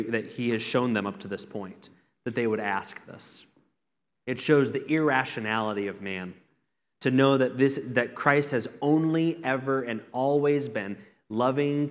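A man preaching an earnest sermon, talking conversationally and returning to repeated phrases for emphasis. His voice sits at an ordinary middle pitch. A long reverb trails behind him, as if he stands in a church sanctuary. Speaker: pastor.

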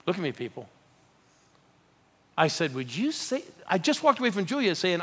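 An older man preaching a live sermon as a pastor, animated and rallying the congregation with call-outs. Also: high voice, moderate pace, long pauses, slightly rough.

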